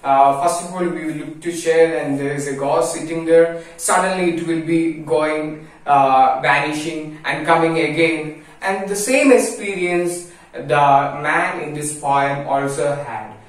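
A man with an Indian English accent explaining a school poem in a slow, halting way, full of fillers and restarts. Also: on the high side. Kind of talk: casual classroom explanation. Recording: very echoey room, voice from far off mic.

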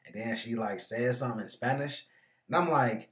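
A man's voice: medium pitch, normal speed, a bit bright. A man hosting a casual movie review vlog, talking in a slangy, rambling way with joking asides. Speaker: movie reviewer, show host.

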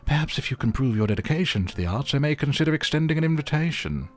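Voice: medium pitch, animated, quick pace, faint music behind, close to an everyday voice. A synthetic game voice playing a haughty, snobbish neighbor who talks in a pompous, condescending, formal way.

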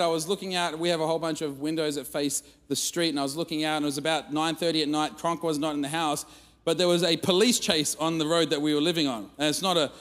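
A man preaching at church, telling a funny family story in an animated, self-mocking way. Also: on the high side. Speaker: guest speaker. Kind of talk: storytelling sermon. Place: church auditorium. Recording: long reverb of a church hall.

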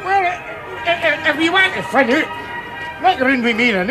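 Loud teasing Glaswegian man. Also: very high voice, big pitch swings, slow pace, over music, a crowd in the background. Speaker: sitcom lead character. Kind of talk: sitcom acting.

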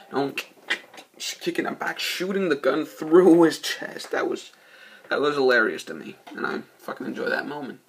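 A man's voice: a little high, creaky, a little hiss or hum. A young man rambling casually through a film review, swearing often and losing his train of thought. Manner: acts out movie quotes in loud, shouty voices. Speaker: movie reviewer.

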